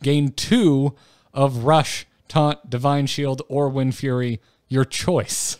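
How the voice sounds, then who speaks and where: A man's voice: mid-range voice, flat delivery, takes it slowly, a little mellow, smooth, no room sound, studio quality. A man co-hosting a podcast in casual chat, playful and self-mocking, stumbling over names. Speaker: podcast co-host.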